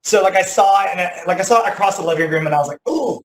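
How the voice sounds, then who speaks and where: Guy in his 30s doing a motivational talk, animated storyteller, slightly high voice, echoey room. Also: rapid-fire, a little hiss or hum. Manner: animated storytelling, says "like" often, loud bursts at dramatic moments. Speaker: teacher giving a motivational talk.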